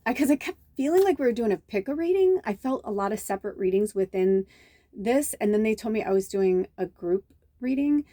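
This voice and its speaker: A woman's voice: mid-range voice, animated, brisk, dark tone, no room sound, studio quality. A middle-aged woman, a medium, telling chatty, rambling stories in a casual spiritual vlog, full of restarts and fillers. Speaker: medium and tarot reader.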